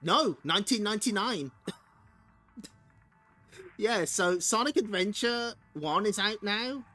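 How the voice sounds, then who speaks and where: A streamer chatting through a comic read-along, wry and giggly, often breaking into laughter. His voice is bright and lively, pitched a little high for a man. Faint music sits under the talk. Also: takes it slowly. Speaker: streamer host.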